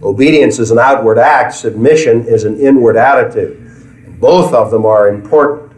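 A man's voice: mid-range voice, normal speed, darkish tone. A man leading a Bible study in an earnest preaching style, often repeating phrases as he finds his words. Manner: earnest, repeats himself while searching for words. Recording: echoey room, mic at a distance.

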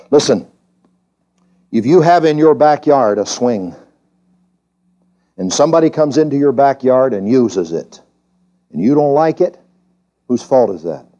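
A male pastor teaches an evening sermon in church, his voice mellow and dark yet swinging widely in pitch as he presses each point. He keeps asking his congregation questions. The recording sounds dull and slightly lo-fi. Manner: emphatic preaching, climbing high when stressing points. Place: church during a service.

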